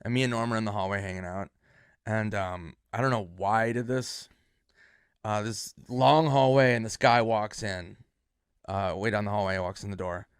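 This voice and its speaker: A comedian telling backstage stories in a loose, rambling way, swearing freely. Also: male voice, on the low side, steady tone, moderate pace, smooth, no room sound, studio quality. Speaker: comedian guest. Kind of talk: casual anecdote telling.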